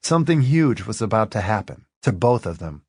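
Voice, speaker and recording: Expressive low-voiced male audiobook narrator. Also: fairly quick, slightly rough, no echo, studio quality.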